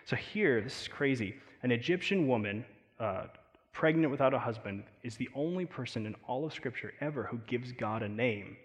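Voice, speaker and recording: A man with an American accent preaching a sermon, talking in a conversational, animated way with frequent fillers and asides. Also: mid-range voice, normal speed, big-room sound. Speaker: pastor.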